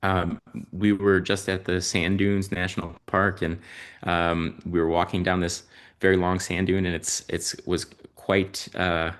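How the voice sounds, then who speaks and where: A man speaking as a podcast guest and parent, telling stories in a reflective, halting way with many ums and uhs. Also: low voice, little pitch movement, smooth. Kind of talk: reflective conversational storytelling.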